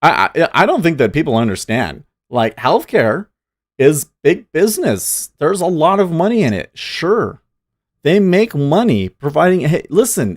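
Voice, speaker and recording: A man's voice: a little high, sing-song, measured pace, no echo. Opinionated male streamer, casual rambling delivery, dry sound. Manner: opinionated, rambling, talks back to chat. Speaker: livestream day-trading host. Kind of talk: casual live-stream commentary.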